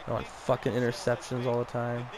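A man playing a football video game, swearing a lot and reacting nervously and excitedly to every play. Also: mid-range voice, brisk, a crowd in the background, poor audio. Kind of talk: casual gameplay commentary.

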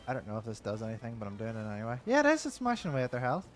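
A man talks over a video game, his pitch leaping around as he jokes. He swears freely and breaks into laughter often. Faint game music plays underneath. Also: big pitch swings, rapid-fire. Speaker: gamer. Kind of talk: casual gaming chat.

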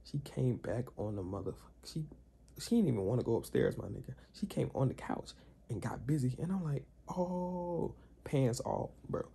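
Talking fairly quickly, a young vlogger with a creaky, slightly rough mid-range voice recounts a story to camera. He's animated and slangy, performing the other people's dialogue himself.

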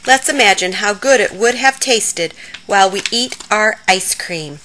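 Storybook mother, soft and reassuring, read by a woman. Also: mid-range voice, unhurried, a little hiss or hum, rough recording. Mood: soothing.

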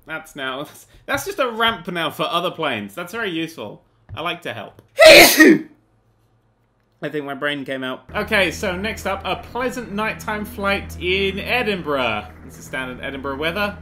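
A man giving excitable, sarcastic gameplay commentary, swearing freely as he flies. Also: fairly high pitch, normal speed, hardly any pauses, slight background noise. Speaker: gaming video host.

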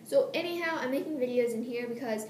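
Teen girl, giggly, rambling, nervous, higher voice, echoey home room, faint hiss. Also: fast, a little mellow. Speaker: vlogger. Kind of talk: casual rambling vlog.

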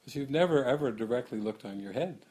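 A man giving a spiritual talk to a gathering. He muses aloud, asks questions, laughs often, and slows down on key phrases. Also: mid-range voice, animated, darkish tone. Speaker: spiritual teacher.

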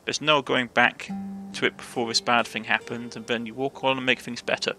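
A man's voice: mid-range voice, level tone, fairly quick, bright, forceful tone, soft background music. A man with a Cornish accent voicing a bold, adventurous young woman who hunts monsters, talking in a chatty, reassuring way with stumbling restarts.

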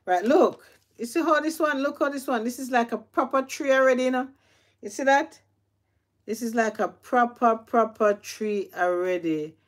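A woman's voice: on the high side, moderate pace. A middle-aged woman with a Jamaican accent, chatting casually to viewers while tending her plants, repeating herself as she talks. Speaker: gardening vlogger. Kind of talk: casual chat while gardening.

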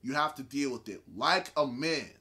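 A man hosting a reaction video, talking through his thoughts in a casual, animated way and repeating short phrases. His voice is bright, and his pitch rises and falls a lot. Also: normal speed.

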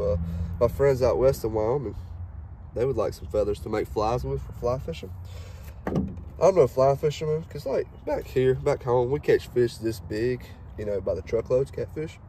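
This warm, medium-pitched voice belongs to a Mississippi hunting guide in his twenties with a thick Southern accent. He rambles folksily, full of fillers, while cleaning a duck outdoors beside his truck, with faint background noise in the recording.

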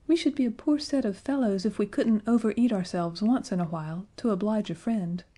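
A woman's voice: medium pitch, brisk, warm tone, close to an everyday voice. A woman voicing a kindly, obliging male Arctic moth in a storybook reading. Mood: cheerful. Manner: cheerful, obliging.

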